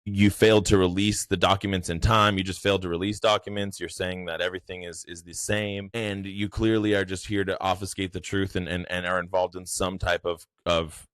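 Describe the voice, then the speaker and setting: A man doing a stern accusing politician, low voice. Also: level tone, brisk, hardly any pauses, fairly bright tone, clear, resonant tone, no echo. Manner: accusatory, hammering.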